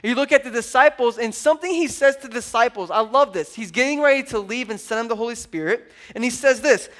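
A man in his thirties preaching a sermon to a congregation, animated and joking with the crowd. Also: very high voice, fast talker, hardly any pauses. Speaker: pastor.

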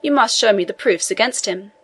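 A woman voicing a male government inspector who speaks in a measured, official manner in a storybook reading. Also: mid-range voice, a bit bright, breathy edge. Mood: composed.

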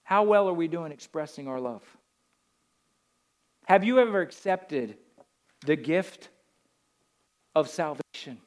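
A man preaching a sermon as a pastor, swinging from loud declarations down to hushed storytelling. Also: fairly high pitch, animated, slow, pauses often.

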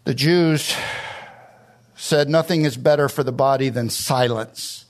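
Preaching at an unhurried pace, this middle-aged pastor lifts his pitch on important words and draws phrases out long to stress what he's saying.

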